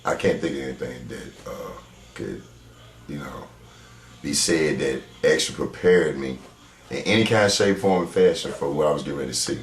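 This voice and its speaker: Very deep-voiced man, rambling and emphatic. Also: lively intonation, moderate pace. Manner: rambling, emphatic, searching for words. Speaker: interviewee, cousin of the victim. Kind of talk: documentary interview. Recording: roomy echo.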